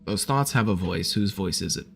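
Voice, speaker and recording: A man's voice: deep voice, moderate pace, creaky, soft background music. A man giving casual advice on a live stream at home, talking loosely with lots of "like" and some swearing. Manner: casual, frequent filler "like", swears. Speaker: therapist streamer. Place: home, with his dog.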